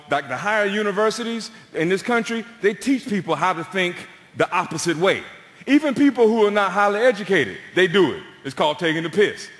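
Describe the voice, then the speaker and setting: Brief: Southern US man, stand-up comic, bright voice that swings up and down, in an echoey theatre. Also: sits high. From American Deep South. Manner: lively, drawling storyteller with punchy deadpan tags. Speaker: stand-up comedian. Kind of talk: stand-up comedy set. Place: large theatre on stage, audience laughing. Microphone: stage microphone. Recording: echoey theatre hall with long reverb.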